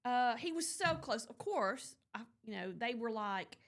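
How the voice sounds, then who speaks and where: Woman morning-show host, chatty and loose, slightly high voice. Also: lively intonation, a little slow. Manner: chatty storyteller, rambling with fillers. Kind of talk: casual on-air chat.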